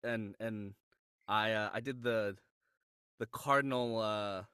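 A voice-actor guest chatting on a podcast, his voice bright and forward, recorded close and dry with no room sound. He tells anecdotes animatedly, with frequent restarts and sudden jumps up in pitch. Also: steady tone, takes it slowly, clean tone, dry recording. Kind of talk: casual podcast chat.

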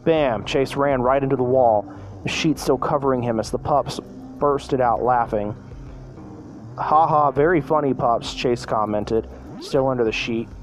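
A man narrates a fan story aloud at normal speed, frequently tripping over words and correcting himself mid-sentence. His voice is medium-pitched and the audio quality is poor.

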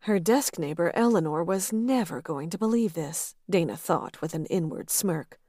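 A woman reading a romance novel aloud in a steady, expressive narration. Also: fairly low pitch, normal speed, no echo, clean studio sound. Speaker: audiobook narrator.

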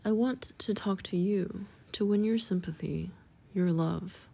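A man's voice: high-pitched, measured pace, creaky, dark tone, breathy edge, full character voice. A woman reading the part of a lonely husband who speaks in a thick, tired voice. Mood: pleading.

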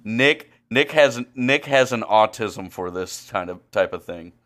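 Animated, profane man riffing. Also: fairly low pitch, unhurried, slight background noise. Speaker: podcast host. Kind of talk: casual chat.

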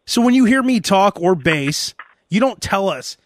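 A man hosting a podcast in casual chat, telling stories in an animated way and slipping into mock voices. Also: high-pitched, unhurried, dry recording, studio quality. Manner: animated storyteller, often slips into mock voices. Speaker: podcast host.

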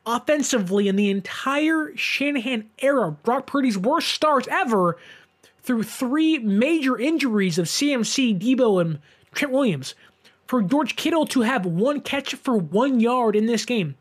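Slow, emphatic male sports host. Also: very high-pitched. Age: 20s. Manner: animated, emphatic rant. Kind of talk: solo sports commentary.

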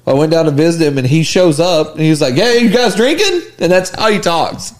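A man's voice: fairly high pitch, brisk. Laughing male podcast host telling stories. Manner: laughing, profane anecdotes with acted quotes. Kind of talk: casual storytelling chat.

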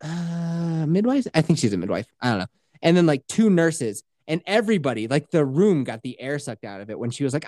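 A man's voice: fairly high pitch, sing-song, brisk, darkish tone, dry recording, studio quality. A man telling a story in casual chat, swearing freely and acting out the quotes.

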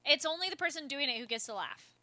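A woman's voice: sits high, fast, dry recording. A woman giving chatty running commentary while watching a movie, sighing and crying out as she reacts. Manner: animated, chatty running commentary with sighs and cries. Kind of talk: casual movie reaction chat.

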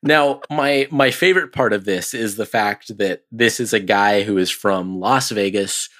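Low-voiced chatty podcast man. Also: unhurried, fairly bright tone. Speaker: podcast co-host. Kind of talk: casual sports podcast chat.

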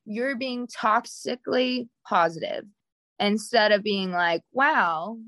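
A woman's voice: medium pitch, slow pace, a bit bright, dry recording. A woman co-hosting a casual podcast chat, explaining earnestly with casual swearing.

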